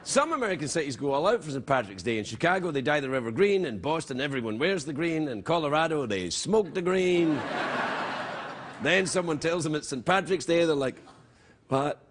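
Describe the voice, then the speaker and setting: Animated Scottish late-night host, scratchy. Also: male voice, a little high, brisk. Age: middle-aged. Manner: animated, jokey, mock-outraged outbursts. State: scratchy, throat-clearing voice. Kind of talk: comedic monologue and banter. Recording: TV studio with loud audience.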